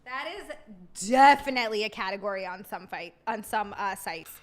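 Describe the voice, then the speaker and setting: A woman's voice: medium pitch, normal speed, slight background noise. A woman streamer chatting casually with her viewers while eating, often giggling. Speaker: live streamer. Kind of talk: casual live-stream chat.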